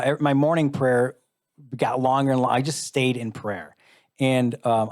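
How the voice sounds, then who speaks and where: A man's voice: medium pitch, a little mellow. A middle-aged American man tells a personal story in a live interview. He speaks in a mid-range voice, candid and earnest with a dry wry humor, and slips into the voices of the people he quotes. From United States. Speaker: interview guest, musician.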